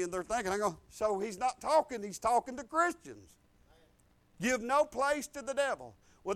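A pastor preaches his personal testimony with animation, swinging between loud, emphatic lines and low, quiet stretches. His speech is informal, and he restarts phrases now and then.

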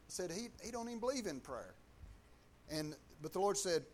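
A man's voice: high voice, lively intonation, a little fast, darkish tone, a little hiss or hum. A man with a Southern US accent telling a faith testimony in a folksy, colloquial way, acting out other people's lines. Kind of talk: testimony storytelling.

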